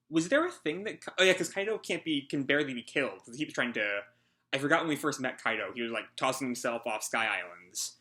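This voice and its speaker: A man's voice: medium pitch, expressive, fairly quick, sharp tone. A man hosting a casual live reaction, out of breath and rambling through a hesitant recap. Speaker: manga reaction host.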